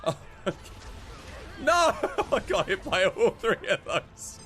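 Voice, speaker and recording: A man's voice: high voice, very animated, takes it slowly, a bit bright, faint music behind. A man giving jokey live commentary while streaming a game, laughing often.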